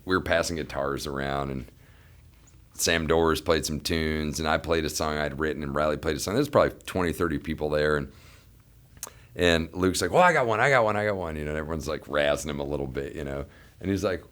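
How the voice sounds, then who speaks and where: A man in his thirties, a bandleader, telling a casual, profane story among friends and acting out the voices in it. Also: extremely low pitch. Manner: animated, profane, acts out quoted voices. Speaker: bandleader and musician.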